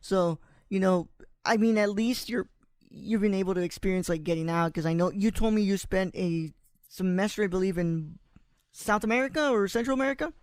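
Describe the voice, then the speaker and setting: Relaxed South Texas man, Spanish native. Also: sits high, a little fast, clear, resonant tone, no room sound, studio quality. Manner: relaxed, loose, many "you know" fillers. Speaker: podcast host. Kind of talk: casual interview chat.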